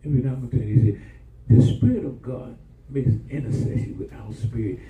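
A man preaching with fervor, his voice very dark and mellow. He calls out to the congregation for answers. The sound comes from far off in an echoey church hall with faint hiss. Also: mid-range voice, fairly quick. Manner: impassioned, call-and-response preaching. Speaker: pastor. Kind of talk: sermon.

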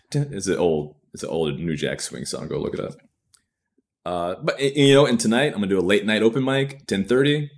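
A man's voice: deep voice, lively intonation, brisk. A man who is a stand-up comedian, talking candidly and rambling in a solo video podcast, self-deprecating and swearing freely.

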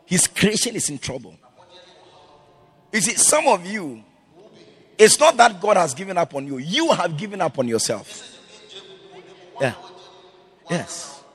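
A man preaching a sermon as pastor, swinging between loud shouted lines and quiet, low storytelling. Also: big pitch swings, a little slow, pauses often, slightly rough.

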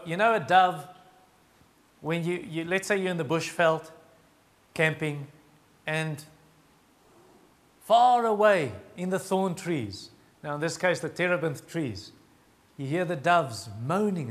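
A man preaching a sermon, earnest and emphatic, slowing down to stress key phrases. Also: on the high side. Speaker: pastor.

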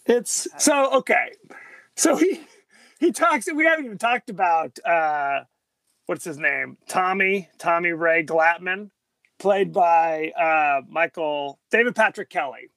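A man co-hosting a movie podcast in casual chat, lively, often acting out quoted lines. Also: on the high side, slow, vocal fry, no room sound. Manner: animated, acts out quotes in changing voices. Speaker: podcast co-host.

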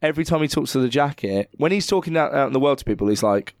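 A man's voice: mid-range voice, fast talker, few pauses, darkish tone, no room sound, studio quality. A man co-hosting a casual film chat, swearing freely, laughing often and acting out characters' lines.

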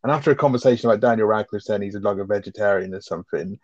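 A man's voice: fairly low pitch, very fast, a little mellow, dry recording, muffled recording. A man co-hosting a film review podcast, amused and sweary, laughing often. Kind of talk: casual chat.

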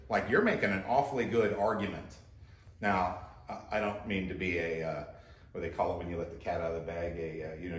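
A man's voice: sits low, reverberant, slight background noise. A man preaching a sermon as pastor, talking conversationally and putting direct questions to his listeners.

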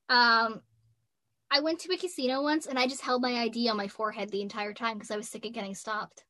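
Giggly high bright young woman. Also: steady tone, fast talker, dry recording. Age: 20s. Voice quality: youthful-sounding voice. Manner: giggly, laughs often while talking. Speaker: voice actress guest. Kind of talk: casual interview chat.

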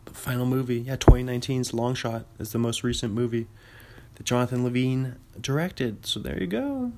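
A man's voice: mid-range voice, flat delivery, fairly quick, very noisy. A man hosting a podcast, rambling about films in casual chat, often correcting himself and chuckling. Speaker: podcast host.

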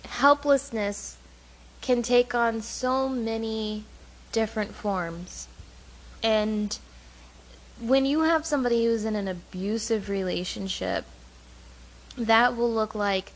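A woman's voice: a little high, takes it slowly, pauses often, slight background noise, rough recording. A woman co-hosting a casual talk show as a caregiver. She speaks earnestly and laughs easily while covering a hard subject. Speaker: podcast co-host and caregiver. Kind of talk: casual conversational chat.

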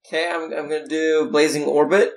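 A tabletop game player who describes actions hesitantly, with many pauses and filler sounds. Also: medium pitch, flat delivery. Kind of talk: casual tabletop play.

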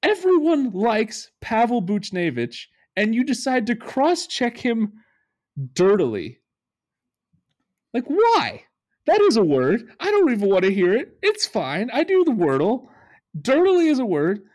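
A man co-hosting a casual sports podcast and working himself into a rant. His voice swings widely in pitch as he gets fired up. He curses freely. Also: unhurried. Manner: animated, ranting, swears freely. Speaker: podcast co-host.

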